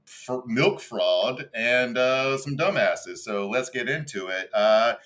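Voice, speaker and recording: A man hosting a casual comedy podcast from a hotel room, laid-back and hesitant, filling pauses with uhs. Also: medium pitch, lively intonation, fairly bright tone. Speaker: fill-in podcast host.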